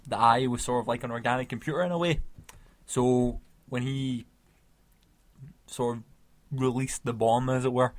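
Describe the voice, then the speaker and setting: A man's voice: medium pitch, steady tone, moderate pace, pauses often. A man co-hosting a comic podcast, chatting casually, rambling and laughing as he spins out comic tangents. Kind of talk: casual chat.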